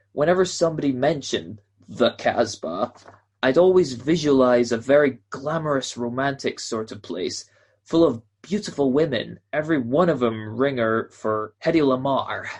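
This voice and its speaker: An actor playing a jovial male announcer of an old-time radio show, with a husky voice and folksy, salesman-like patter. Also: medium pitch, animated, normal speed, darkish tone. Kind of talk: 1940s radio acting.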